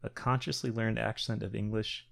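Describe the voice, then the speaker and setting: A man from the US Midwest co-hosting a podcast, chatting casually with dry, deadpan humor. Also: lowish voice, normal speed, gravelly, no room sound. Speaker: podcast co-host.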